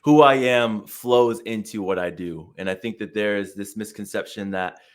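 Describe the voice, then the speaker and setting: A man's voice: lowish voice, moderate pace. A man, a career coach, talking as a podcast guest in an enthusiastic, slangy way, with many "like"s and "um"s. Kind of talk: casual interview chat.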